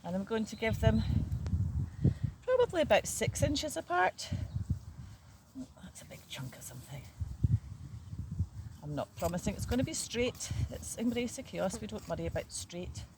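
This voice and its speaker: An older vlogger chats casually and matter-of-factly while working outdoors in a garden. The mid-range voice has big pitch swings at normal speed, with heavy background noise.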